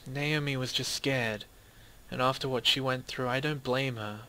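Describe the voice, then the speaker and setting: A man voicing a soft-spoken, apologetic teenage schoolgirl full of remorse. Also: mid-range voice, fairly even intonation, normal speed, low-quality recording. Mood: remorseful.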